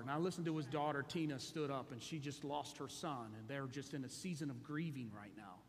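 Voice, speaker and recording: A male pastor preaching a sermon, moving from hushed storytelling to shouted exhortation. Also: on the high side, fairly quick. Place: large church hall. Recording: echoey hall.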